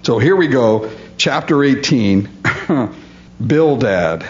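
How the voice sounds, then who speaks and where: A man's voice: mid-range voice, animated, takes it slowly, darkish tone. A man preaching a conversational Bible study, reading verses aloud and paraphrasing them with frequent chuckles. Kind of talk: expository Bible teaching. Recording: dull lo-fi recording.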